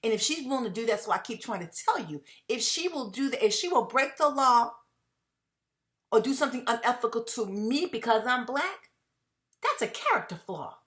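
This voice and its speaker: A woman's voice: on the high side, sing-song, moderate pace, fairly bright tone. A middle-aged woman hosting her own commentary channel, talking to viewers in an emphatic way that repeats phrases and breaks into laughs between points.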